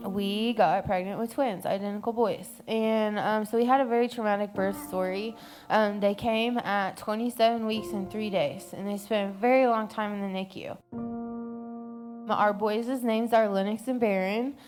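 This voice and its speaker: A woman's voice: mid-range voice, steady tone, normal speed, over music. A woman who works as a peer coach in recovery speaks candidly and personally in a documentary interview.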